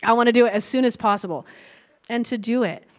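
Earnest woman preaching, slightly high voice. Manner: earnest, reflective, slows down to stress key lines. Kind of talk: sermon with personal testimony.

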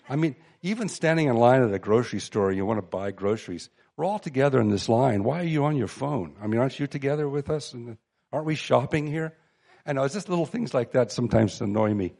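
A man preaching a sermon to a seated audience, reading scripture aloud and talking it over in a conversational way with restarts and pauses. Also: medium pitch, gravelly, mellow.

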